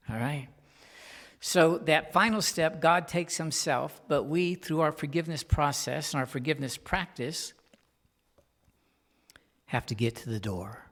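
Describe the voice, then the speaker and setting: Gravelly man preaching in a reverberant hall. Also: medium pitch. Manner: dramatic swings from hushed whispers to loud emphatic lines; talks directly to the congregation with questions. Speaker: guest minister. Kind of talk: sermon. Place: spiritual center sanctuary.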